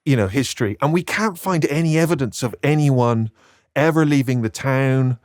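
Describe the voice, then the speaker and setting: A man's voice: mid-range voice, moderate pace, darkish tone. A middle-aged man with a Bristol West Country accent, chatting as a podcast guest and telling self-deprecating stories. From England, Bristol. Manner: self-deprecating storyteller, slips into put-on voices. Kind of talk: casual chat.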